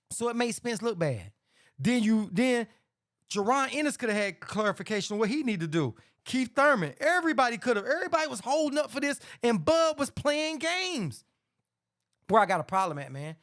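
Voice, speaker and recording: A man's voice: sits high, fairly bright tone. A middle-aged man hosting a casual sports talk show, ranting bluntly and profanely about boxing, saying "man" constantly and getting heated. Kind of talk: casual boxing commentary rant.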